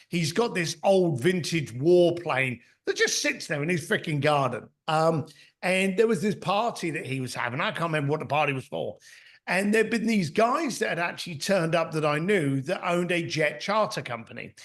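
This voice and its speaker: Animated, high-voiced middle-aged man telling stories. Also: normal speed. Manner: blunt, anecdotal, acts out other people's lines. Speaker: podcast guest, author and mentor. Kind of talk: conversational storytelling.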